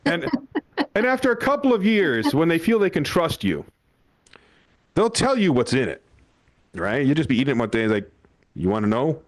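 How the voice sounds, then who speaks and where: Young man, stand-up comic, storytelling, laughs often, slightly high voice, handheld mic. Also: sing-song, normal speed, long pauses. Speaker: stand-up comedian. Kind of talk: stand-up comedy set. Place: comedy club stage.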